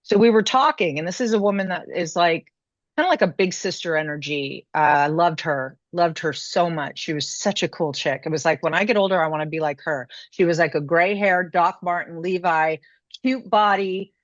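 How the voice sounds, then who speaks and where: A woman guest telling her story in a chatty, casual way, full of fillers and quick laughs. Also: fairly low pitch, no echo. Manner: chatty, many "you know" and "like" fillers, laughs mid-story. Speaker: podcast guest. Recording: muffled lo-fi dry remote audio.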